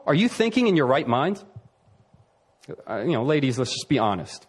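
Male preacher, husky voice, swinging pitch, emphatic sermon delivery with slowed key phrases. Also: very animated.

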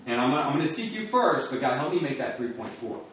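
Man, young adult, animated storyteller, laughs through it, very echoey room, a bit far from the mic. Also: mid-range voice, fairly quick, slight background noise. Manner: animated storyteller, acting out scenes, laughing often. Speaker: speaker telling a personal story. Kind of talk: personal testimony.

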